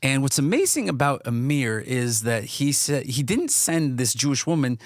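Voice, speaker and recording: An earnest man co-hosts a casual podcast and talks through his ideas with frequent restarts and fillers. His voice sits in a middling pitch and comes across dry and close to the mic. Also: big pitch swings, normal speed, no echo. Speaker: podcast co-host.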